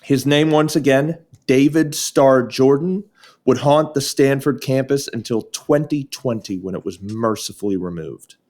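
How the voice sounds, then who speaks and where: A man co-hosting a podcast, narrating history and chatting casually. His voice sits at an ordinary mid pitch, and he drops in wry comments. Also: measured pace, darkish tone. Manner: dry, wry asides. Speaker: podcast co-host.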